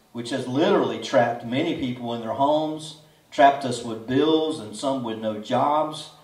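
A high-pitched male preacher delivers a folksy, conversational sermon, asking the congregation question after question. His voice sounds roomy and echoing, picked up from a fair distance away from the mic. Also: a little mellow. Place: outdoor drive-in church service.

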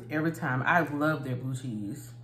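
A woman's voice: very deep voice, a bit bright, roomy sound, slight background noise. A married woman chatting casually while eating for a mukbang video, laughing often and recording on her phone indoors. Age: adult, married. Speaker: vlogger.

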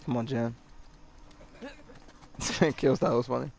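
A young man giving loud, joking, profane commentary while playing a video game. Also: mid-range voice, steady tone, measured pace, creaky. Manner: loud, joking, swears often. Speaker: gaming channel host. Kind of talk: casual gameplay commentary. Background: game music and gunfire.

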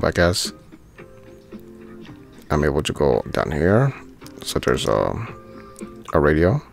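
A man's voice: low voice, gravelly. A man giving casual commentary while playing a video game, thinking aloud and easily delighted by small things. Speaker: gaming channel host.

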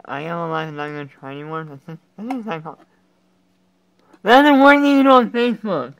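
A man giving reaction commentary, talking along casually and breaking into loud, excited exclamations. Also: on the high side, fairly quick, no room sound, lo-fi sound. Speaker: reaction video creator.

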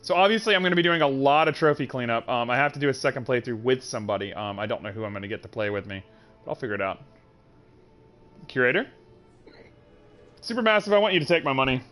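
A man streaming a game live, chatting in an animated, joking and profane way. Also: medium pitch, fast, long pauses, soft background music. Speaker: gaming streamer. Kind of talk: casual live-stream commentary.

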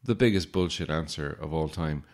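Extremely low and a little mellow, the voice of a male podcast host in his late twenties or thirties moves at a moderate pace. He delivers a casual monologue of stories with a sarcastic, wry edge and mock-formal asides.

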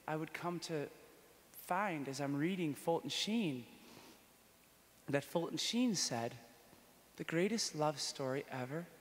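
Man, priest, conference sermon, playful and animated, long hall reverb. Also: medium pitch. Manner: animated, jokes with the audience, swings from hushed to excited. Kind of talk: conference talk, storytelling sermon.

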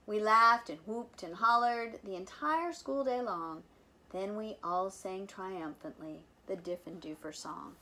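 A volunteer reader, a woman with a medium-pitched voice, reads a picture book aloud to children at an unhurried pace. She keeps it animated and playful, adding chatty asides about the pictures.

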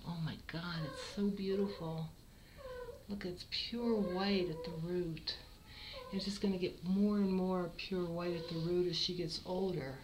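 A middle-aged woman cat breeder presents her kittens with fond, unhurried praise. Her voice sits fairly low and moves slowly. A faint hiss sits under the voice. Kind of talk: casual kitten showcase.

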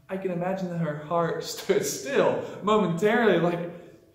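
A man's voice: sits high, very animated, a little slow. A man teaching a Sunday school lesson, retelling a scripture story in a casual way and putting on voices for the people in it. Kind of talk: sermon storytelling. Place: church. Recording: echoey room.

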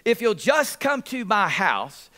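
A man's voice: high voice, very animated, takes it slowly, sharp tone, full character voice. A man voicing a worried father who insists on his own way, emphatic and firm. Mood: insistent.

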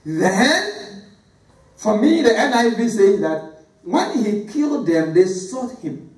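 An emphatic middle-aged pastor preaching, his pitch swinging widely up and down as he repeats key words. He is caught by a mic set well back, so his voice rings around an echoey church. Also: big pitch swings, slow, distant mic. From Ghana. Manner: emphatic preaching with repetition, calls on congregation to read aloud. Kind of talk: sermon. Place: church sanctuary.

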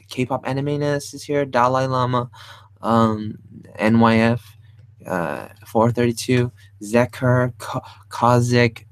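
A man's voice: medium pitch, clear, resonant tone, dry recording, studio quality. A man hosting a casual live drawing tutorial, rambling and thinking aloud as he sketches, adding playful sound effects. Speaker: art stream host.

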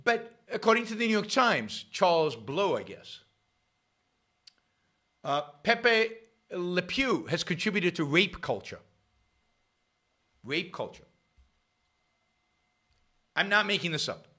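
A middle-aged man hosting a show, talking in a sarcastic, animated commentary with frequent restarts. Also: sits high, slow, pauses often. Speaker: show host. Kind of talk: casual commentary monologue.

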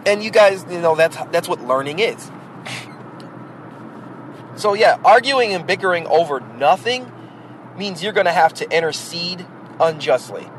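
A man's voice: high voice, lively intonation, unhurried, pauses often, fairly bright tone, slight background noise, low-quality recording. A man hosting a podcast, talking bluntly and at length about raising kids in a casual, opinionated monologue. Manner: rhetorical, addresses the listener directly. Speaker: podcast host; parent.

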